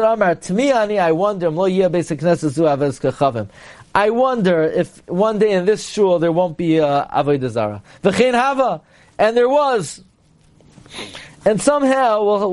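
A man teaching a Talmud class, reading Aramaic lines and explaining them with lively retelling. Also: sits high. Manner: reads Aramaic then explains in English, animated.

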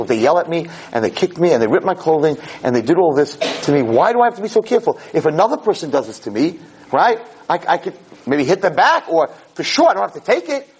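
A Torah lecturer gives an animated class on a podcast, his high voice carrying a breathy edge. He trips over repeated words as he builds each point and acts out parents and kids in quick asides.

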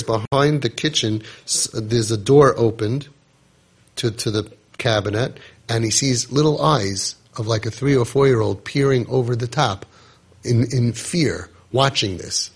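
Husky emphatic man telling a story. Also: mid-range voice. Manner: emphatic, repetitive, dramatic retelling. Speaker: parenting coach. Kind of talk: podcast storytelling talk.

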